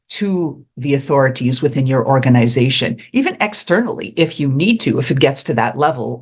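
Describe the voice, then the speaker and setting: A host giving advice straight to the audience in an animated way, acting out the people they quote. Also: mid-range voice, breathy edge. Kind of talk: advice talk to camera.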